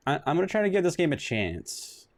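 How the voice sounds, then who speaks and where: A man's voice: a little high, big pitch swings, fairly quick. A man streaming a retro detective game, chatting casually with many restarts, reading bits aloud and joking at himself. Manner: rambling, self-mocking, with restarts and sudden exclamations. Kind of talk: casual let's-play commentary.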